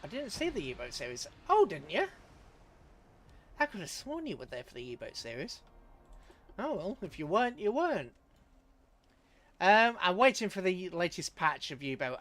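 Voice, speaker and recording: During a live game stream, a man with a somewhat bright voice on the high side chats casually, chuckling often and talking to his viewers in chat as he comments on the gameplay.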